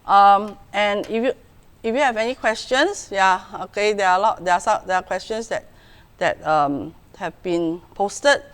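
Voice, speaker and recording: A middle-aged woman with a Singaporean English accent gives a virtual parenting talk as a school principal, speaking over a video call at a middle pitch. She keeps checking in with her listeners, saying "okay" and "right" again and again. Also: moderate pace, clean tone. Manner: frequent "okay" and "right" check-ins, acts out parent voices.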